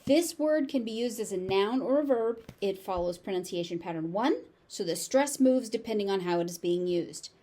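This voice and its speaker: A woman with a General American accent teaching pronunciation, saying each word slowly, sometimes syllable by syllable. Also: medium pitch, animated, warm tone. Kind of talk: slow, deliberate pronunciation lesson.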